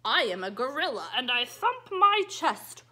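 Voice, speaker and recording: A woman who teaches dance to small children, reading a picture book aloud in a slow, animated and cheery way that coaxes them to join in. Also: sits high. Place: dance studio.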